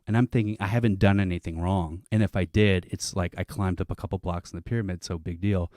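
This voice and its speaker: A man telling a long comic story on a panel show, animated and swearing, acting out other people's lines. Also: low voice, quick pace, dry recording, clean studio sound.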